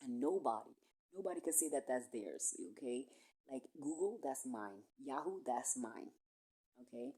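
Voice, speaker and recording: A woman's voice: extremely low pitch, lively intonation, moderate pace, mellow, breathy edge. A woman, rambling profanely through a monologue that jumps from topic to topic. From Puerto Rico.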